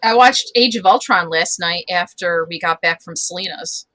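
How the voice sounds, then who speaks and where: A woman co-hosting a podcast in casual chat, talkative and full of ums and pauses. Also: fairly low pitch, fairly bright tone, dry recording, poor audio. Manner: chatty, with many ums and hesitations. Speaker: podcast co-host.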